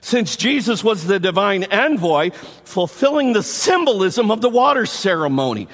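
Animated man preaching in a reverberant hall. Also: high-pitched, normal speed. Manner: enthusiastic, animated, repeats himself for emphasis. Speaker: pastor. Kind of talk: sermon.

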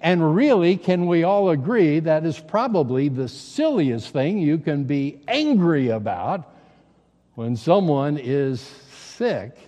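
A man preaching a sermon as a pastor, telling stories in a halting, conversational way with repeated words. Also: a little high, big pitch swings, dark tone, long reverb tail. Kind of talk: sermon storytelling.

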